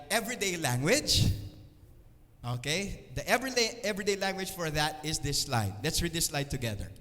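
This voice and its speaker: High, bright-voiced preacher in a reverberant church hall. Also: male voice. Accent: Filipino. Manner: earnest, teacherly, checks in with "okay?" and "right?"; acts out everyday complaints in quoted voices. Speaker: speaker at a church service. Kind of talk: sermon.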